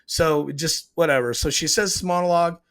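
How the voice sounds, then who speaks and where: A man with a slightly higher-pitched voice gives a casual commentary on a TV scene. He is opinionated and walks through the scene step by step, slipping into the characters' quoted lines along the way. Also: brisk, fairly bright tone. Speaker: TV show reviewer.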